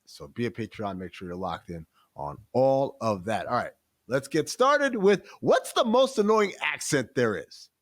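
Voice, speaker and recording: A man hosting a casual podcast, talking loudly and animatedly with plenty of profanity. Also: medium pitch, very animated, measured pace, dry recording, studio quality. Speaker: podcast host.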